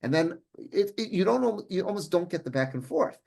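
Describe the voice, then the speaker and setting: A man, a rabbi, teaching a Torah class in an animated, conversational way, often restarting sentences and mixing in Hebrew terms. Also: sits high, fairly quick, vocal fry.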